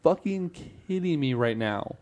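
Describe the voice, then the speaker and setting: A man hosting a casual sports podcast, swearing and muttering to himself while running the recording software. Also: on the high side, lively intonation, measured pace. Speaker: podcast host.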